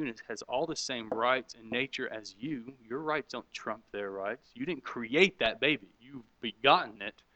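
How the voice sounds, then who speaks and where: A man's voice: mid-range voice, bright, forceful tone, dry recording, rough recording. A middle-aged man preaching, teaching conversationally and asking the room questions and responding to their answers. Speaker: pastor teaching a class. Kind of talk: interactive sermon with audience questions.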